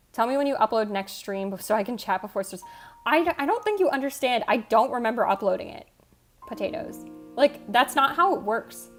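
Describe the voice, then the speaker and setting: A woman livestreamer chatting casually with viewers, rambling, cutting herself off and swearing offhand. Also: fairly high pitch. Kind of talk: casual chat reading out viewer comments. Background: faint background music.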